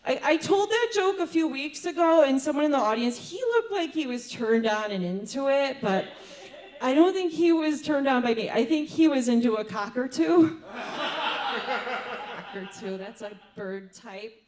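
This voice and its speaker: A middle-aged woman performing a stand-up comedy set in a fairly high voice. She talks in a chatty way with quick asides and often laughs at her own jokes. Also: lively intonation, darkish tone.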